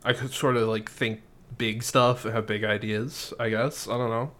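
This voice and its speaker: A man voicing a timid young camper kid who speaks quietly and hesitantly. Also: medium pitch, fairly even intonation, moderate pace, lightly acted.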